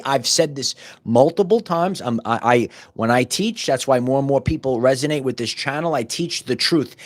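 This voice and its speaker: Man, middle-aged, podcast host, impassioned spiritual monologue, repetitive restarts, raised-pitch voice. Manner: fervent, repetitive, stumbling restarts; rising to loud bursts.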